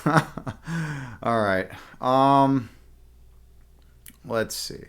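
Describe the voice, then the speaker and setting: A man's voice: mid-range voice, very slow, fairly bright tone. A man live-streaming and chatting casually, a chess instructor who rambles with many fillers and restarts and laughs often.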